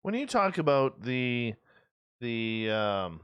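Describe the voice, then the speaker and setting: A male radio host asks his questions in a playful, joking way, his pitch swinging up and down. The sound is dry and close, with no room in it. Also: very animated, normal speed, a bit bright, dry recording. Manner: playful, self-deprecating questions. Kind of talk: casual interview questions.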